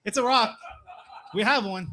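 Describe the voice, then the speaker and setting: A man's voice: high-pitched, moderate pace, bright, forceful tone. A young man from Massachusetts doing a stand-up comedy set on a club stage, laid-back and tagging his lines with "man" and "right?". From Plymouth, Massachusetts.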